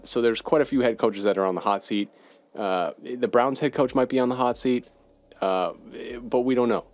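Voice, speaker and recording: A young man hosting a solo sports podcast, giving blunt, profane opinions on football. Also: fairly low pitch. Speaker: podcast host.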